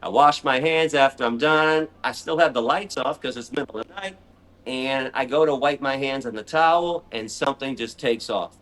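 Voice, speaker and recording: A middle-aged man telling a story in conversation, animated and excitable. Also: mid-range voice, moderate pace. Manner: animated, excitable storyteller who acts out his own shrieks. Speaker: animal rights speaker, guest.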